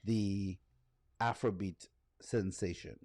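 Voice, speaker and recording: A man's voice: low-pitched, takes it slowly, no room sound. A middle-aged man co-hosting a podcast in casual chat, laughing often as he talks. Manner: laughs often, lively delivery. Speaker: podcast co-host.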